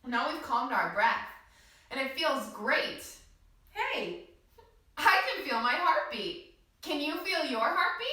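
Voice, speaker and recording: Woman doing kids yoga, slow and gentle, lots of questions, really echoey room, mic kinda far off. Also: sits high. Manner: gentle, encouraging, asks children questions. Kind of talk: children's yoga class.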